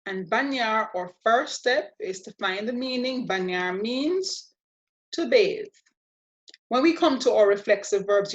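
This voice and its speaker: A woman's voice: medium pitch, dull audio. A woman teaching a language lesson, walking through each step with patient, playful explanations. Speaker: Spanish teacher. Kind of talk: slow, deliberate language lesson.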